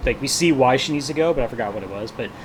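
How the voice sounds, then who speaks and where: A man in casual podcast chat, walking through a film scene by scene and slipping into quoted lines along the way. His voice sits at an ordinary pitch for a man. There is a faint steady noise under the recording. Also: rapid-fire, poor audio. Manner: retells scenes with acted-out quotes and swearing. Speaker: podcast co-host. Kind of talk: casual movie discussion.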